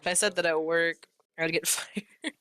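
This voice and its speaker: A man's voice: a little high, steady tone, moderate pace, pushed and bright. A man chatting in a laid-back, joking way with friends. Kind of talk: casual chat.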